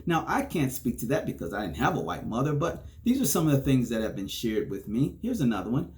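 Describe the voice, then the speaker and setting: A man's voice: medium pitch, sing-song, fairly quick, darkish tone. A man hosting a solo podcast, chatting casually, chuckling between points and often checking in with "okay?". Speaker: podcast host.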